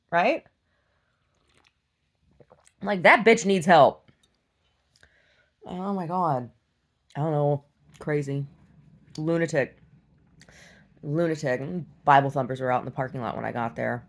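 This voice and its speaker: A young adult woman telling a story in a casual, animated vlog rant, laughing and swinging between loud outbursts and hushed asides. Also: low-pitched, unhurried, pauses often. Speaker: vlogger.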